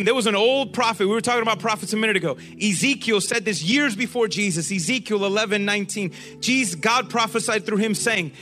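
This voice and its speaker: A man preaching a sermon to a group, animated and often asking them questions. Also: sits high.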